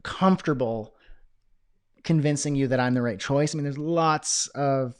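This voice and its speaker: A man's voice: mid-range voice, clean tone, close to an everyday voice. A shy, introverted rookie paramedic, as a man puts him on, who stalls and falters over every phrase. He sounds unsure of himself and nervous about his new job. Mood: hesitant. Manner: hesitant, halting.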